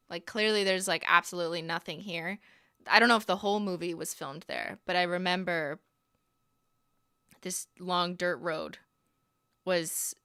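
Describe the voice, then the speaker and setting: A young woman talks casually to her livestream audience with a bright, crisp voice. She laughs often and trails off into restarts. The sound is close and dry. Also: medium pitch, no room sound. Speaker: livestream host.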